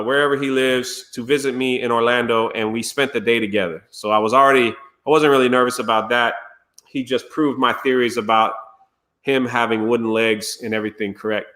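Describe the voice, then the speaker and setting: A man's voice: mid-range voice, pushed and bright. A man streamer telling a story casually and animatedly, laughing and acting out quotes. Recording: roomy echo.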